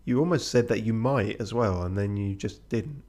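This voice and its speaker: A man's voice: lowish voice, normal speed, a little mellow. A man streaming a game, reading it aloud with sweary, self-mocking jokes on the side. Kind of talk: let's play commentary and narration.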